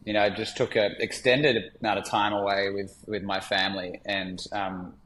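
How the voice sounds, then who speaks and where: A man, a podcast guest telling stories in a candid, relaxed way with many fillers. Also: fairly low pitch, normal speed, echoey room, slight background noise, low-quality recording. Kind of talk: reflective storytelling in conversation.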